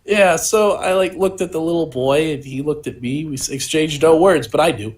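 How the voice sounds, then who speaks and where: A young man with a notably high-pitched voice rambles through a comic story on a casual podcast. He piles up "like" and "you know" as the bit keeps growing. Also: moderate pace. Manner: rambling, absurd storytelling with lots of "like". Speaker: podcast co-host and stand-up comedian.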